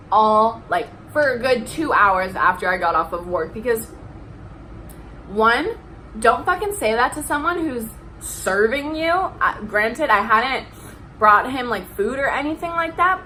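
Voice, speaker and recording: A woman's voice: fairly high pitch, lively intonation, a little slow, bright, forceful tone, slight background noise, rough recording. A young woman venting in a heated, profane rant to her vlog viewers. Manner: heated, profane, emphatic ranting. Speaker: vlogger. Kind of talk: ranting vlog.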